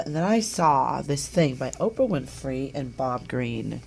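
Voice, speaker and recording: A middle-aged woman hosting a talk show, telling personal stories in an animated way and acting out the voices of people she quotes. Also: rumbling low, measured pace, creaky. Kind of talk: personal storytelling chat.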